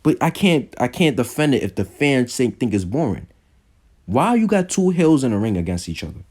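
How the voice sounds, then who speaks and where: A young man casually reviewing a wrestling show, rambling with lots of fillers and restarts, and jumping up in pitch when he gets exasperated. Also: big pitch swings, moderate pace, a little mellow, breathy edge. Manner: jumps high when exasperated. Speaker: wrestling podcast host.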